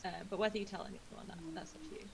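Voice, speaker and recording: A woman narrating a tabletop game as dungeon master, describing scenes softly with frequent fillers. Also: medium pitch, fairly even intonation, rapid-fire, gravelly, slight background noise, low-quality recording.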